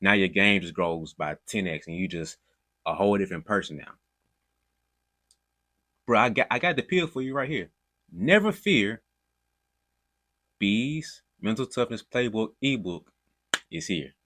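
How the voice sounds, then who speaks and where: A man's voice: sits low, expressive, normal speed, long pauses, bright, forceful tone, dry recording. A man hosting a podcast, talking casually and directly to listeners in slangy words. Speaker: podcast host. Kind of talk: podcast talk and self-promotion.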